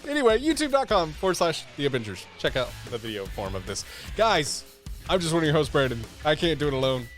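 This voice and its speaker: A man hosting a podcast in a casual, playful, jokey and energetic way. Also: a little high, quick pace, soft background music. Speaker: podcast host.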